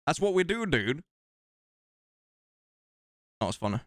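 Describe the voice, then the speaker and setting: A man's voice: a little high, big pitch swings, measured pace, dry recording, clean studio sound. A man with a Swedish accent hosting a live game stream, casually joking and thanking viewers. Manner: jokey, rambling, thanking viewers. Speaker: streamer host.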